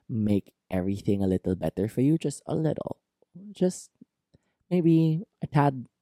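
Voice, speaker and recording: Low, mellow man in a candid ramble. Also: no echo, studio quality. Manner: rambling and candid, many fillers like "like" and "you know". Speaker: podcast host. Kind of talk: casual self-help monologue.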